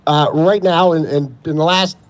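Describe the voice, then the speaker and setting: A man's voice: fairly high pitch, fairly even intonation, brisk. Sarcastic man giving a rally speech. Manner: sarcastic, impassioned. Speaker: protest speaker. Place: outdoors at a street protest.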